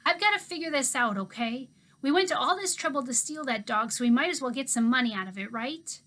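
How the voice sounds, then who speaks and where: Woman doing a bossy cranky big sister voice, loud, snaps back fast. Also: high-pitched, expressive, voice pushed up. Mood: exasperated. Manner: snappish, loud and insistent. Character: defensive, stubborn young girl, big sister.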